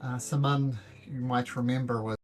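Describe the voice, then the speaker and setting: A man narrating as game master for a tabletop game, halting and full of fillers. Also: mid-range voice, steady tone, faint music behind.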